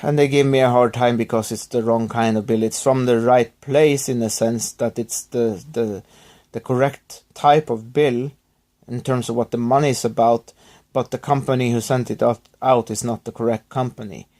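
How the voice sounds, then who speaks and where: A man's voice: mid-range voice, steady tone, a little mellow. Subdued man rambling to his viewers. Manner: subdued, halting, apologetic, with many restarts. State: recovering from illness. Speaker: YouTuber thanking subscribers. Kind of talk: rambling personal vlog.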